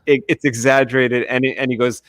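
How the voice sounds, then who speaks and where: A man's voice: medium pitch, little pitch movement, fairly quick, a bit bright, no echo. A man in a casual chat, retelling things in a loose, rambling way full of fillers.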